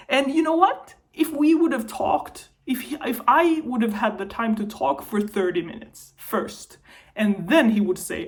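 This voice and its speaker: A woman's voice: medium pitch, normal speed. A young woman in a personal vlog, talking to camera while upset and venting, her voice wavering between anger and tears. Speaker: vlogger.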